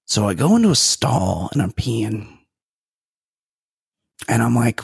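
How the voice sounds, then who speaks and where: A man's voice: medium pitch, takes it slowly, gravelly, pauses often, breathy edge, no room sound, studio quality. A man co-hosting a comedy podcast, telling stories with jokey exaggeration in casual chat. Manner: animated storytelling, jokey exaggeration. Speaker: podcast co-host.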